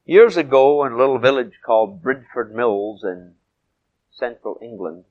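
A man preaching a sermon, swinging from loud emphatic peaks to soft low asides and stretching key phrases. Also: lively intonation, moderate pace, narrow, tinny audio.

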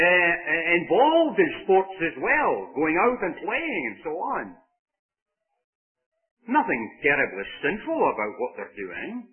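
A man preaching a sermon in an earnest, conversational way, telling stories to make his points. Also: a little high. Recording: tinny phone-like radio broadcast.

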